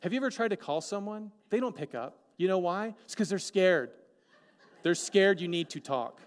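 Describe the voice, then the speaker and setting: A man preaching a sermon as pastor, animated and joking, asking the congregation many questions. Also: sits high, moderate pace. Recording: long hall reverb.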